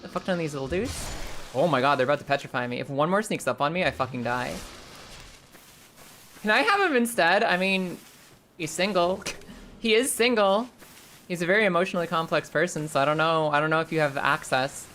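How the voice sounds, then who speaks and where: A woman streaming a game live, chatting casually with viewers, swearing freely and breaking into high squeals when the game startles her. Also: a little fast, a bit bright, a little hiss or hum.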